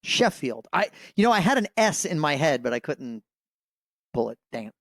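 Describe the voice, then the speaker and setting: A man competing in a trivia quiz, thinking out loud, hesitating with fillers and laughing easily. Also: fairly high pitch, sing-song, normal speed, gravelly, no room sound, studio quality. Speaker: quiz contestant. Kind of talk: casual game banter.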